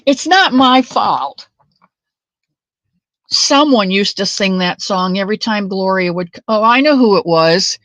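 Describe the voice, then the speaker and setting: At a moderate pace with hardly any pauses, a woman speaks in a mid-range, slightly bright voice, recorded dry. She chats away during her casual crochet stream in a home craft room, addressing viewers by name and drifting off-topic.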